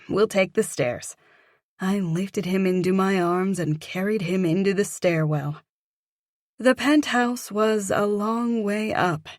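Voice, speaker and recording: A woman narrating an audiobook in the first person, with gentle, expressive storytelling. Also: fairly low pitch, no echo, clean studio sound.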